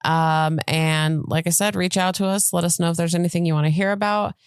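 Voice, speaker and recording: A relaxed woman co-hosting a chatty podcast, full of wry asides and easy laughter. Her voice is low and gravelly with a smooth, resonant core. The sound is dry and close. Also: fairly quick, no room sound. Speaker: podcast co-host. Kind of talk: casual chat. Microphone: podcast microphone.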